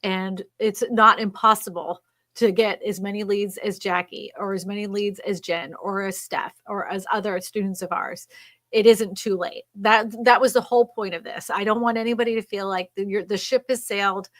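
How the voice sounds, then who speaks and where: Bright, encouraging woman co-host. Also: medium pitch, moderate pace, no echo. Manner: energetic, encouraging, laughs often. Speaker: co-host, YouTube coach. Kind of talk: live stream chat.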